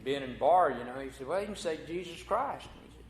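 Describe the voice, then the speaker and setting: A man's voice: fairly high pitch, animated, fairly quick, slight background noise. A man preaching a folksy sermon as pastor, telling a corny joke before turning to scripture. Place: church sanctuary. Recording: echoey church hall.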